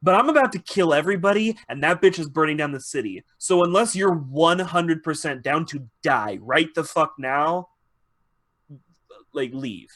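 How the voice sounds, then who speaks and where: A man voicing a gruff, scarred male warrior who speaks bluntly and with profanity, in a casual podcast retelling. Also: on the high side, moderate pace, a bit bright.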